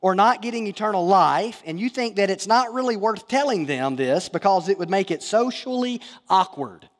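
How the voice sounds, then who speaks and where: A man's voice: high-pitched, animated, moderate pace, in a large hall. A man preaching a sermon as pastor, earnest and emphatic, often asking rhetorical questions.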